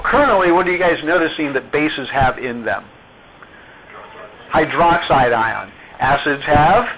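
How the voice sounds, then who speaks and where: A man with a medium-pitched voice teaches a chemistry class, quizzing his students slowly and deliberately as the lecture goes on. The classroom recording sounds tinny and phone-like, with a little hiss or hum.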